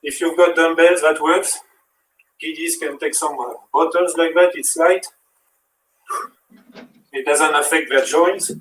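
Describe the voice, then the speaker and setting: A man's voice: fairly high pitch, fairly even intonation, measured pace, pauses often, fairly bright tone, echoey room, distant mic, a little hiss or hum, poor audio. A man with a French accent, a fitness instructor who counts reps and coaches while he exercises. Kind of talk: live workout demonstration.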